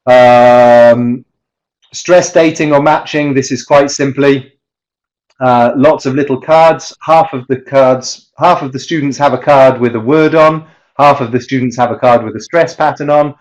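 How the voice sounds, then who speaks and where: Male teacher trainer, mid-pitched, explanatory webinar delivery; dull, lo-fi online sound. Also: steady tone, a little slow. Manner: explanatory, demonstrates rhythm by chanting. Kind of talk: webinar presentation.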